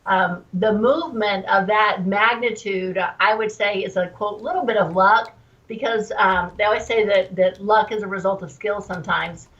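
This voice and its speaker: Woman guest phoning in, sounds far off and muffled, talks slow and careful with lots of ums. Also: mid-range voice, fairly even intonation, a bit bright. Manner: measured, thoughtful, with frequent ums. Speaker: guest trader. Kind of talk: phone-in interview. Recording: dull distant phone call.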